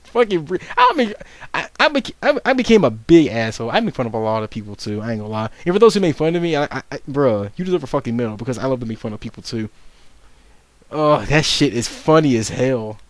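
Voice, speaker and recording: A man's voice: medium pitch, sing-song, fast talker, no room sound. A young man giving casual unscripted video commentary, rambling and swearing, with frequent stumbles and restarts as he mocks himself.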